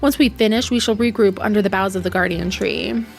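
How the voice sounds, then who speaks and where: A woman's voice: medium pitch, brisk, creaky, close to an everyday voice. Solemn fantasy commander, formal and grave; a woman reads the part, faint music underneath. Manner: formal, grave read-aloud delivery.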